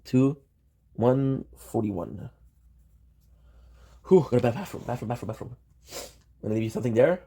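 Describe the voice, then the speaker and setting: A man's voice: medium pitch, lively intonation, normal speed, pauses often, mellow, breathy edge. A man streaming live, chatting casually and rambling, often talking to himself and swearing offhand.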